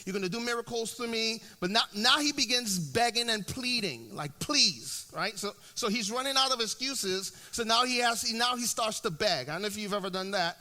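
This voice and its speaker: High, bright-voiced preacher man. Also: animated, normal speed, few pauses. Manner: conversational preaching, often checks in with "right?"; frequent restarts and repeated words. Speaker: pastor. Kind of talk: sermon.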